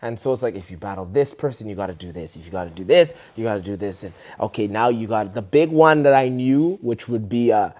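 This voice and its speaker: A Canadian man telling a story in a relaxed interview. His voice sits at a middle pitch, but it jumps high and loud whenever he quotes someone. The talk is casual, full of "you know" and "like". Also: fast, hardly any pauses. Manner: animated, acts out quoted people in a raised voice. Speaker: dance teacher telling a story.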